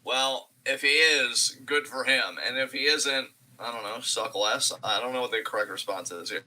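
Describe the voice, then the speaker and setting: A man's voice: mid-range voice, moderate pace, pushed and bright, rough recording. A man co-hosting a live wrestling reaction stream, adding dry, wisecracking asides. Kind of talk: casual banter and commentary.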